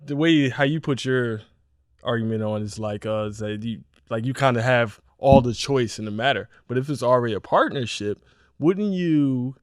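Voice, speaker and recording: A man's voice: mid-range voice, normal speed, no room sound, studio quality. Earnest man thinking aloud on a podcast. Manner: earnest, repeats himself while thinking aloud. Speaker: podcast co-host. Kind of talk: casual podcast chat.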